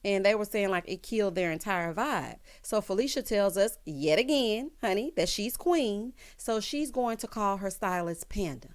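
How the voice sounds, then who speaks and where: A woman giving a casual recap of a reality show, with sassy asides and loud bursts of laughter. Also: mid-range voice, animated, moderate pace, hardly any pauses. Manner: reads out quotes in other voices.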